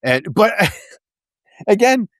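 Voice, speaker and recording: A man's voice: high-pitched, big pitch swings, drawn-out words, no echo, studio quality. A man co-hosting a casual movie podcast, laughing often and making jokey asides. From Canada. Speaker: podcast co-host.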